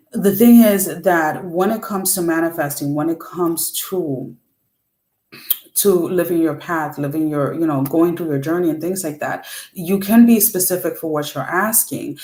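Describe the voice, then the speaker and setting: A woman's voice: lowish voice, a little slow, darkish tone, roomy sound. A woman giving a casual tarot reading, rambling and correcting herself as she talks to her viewers. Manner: rambling, self-correcting, chatty. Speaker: tarot reader.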